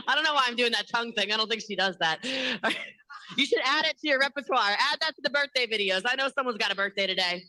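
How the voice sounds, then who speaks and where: A woman giving a motivational sales training in a lively, laughing way, acting out other people's lines. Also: fairly high pitch, quick pace, poor audio.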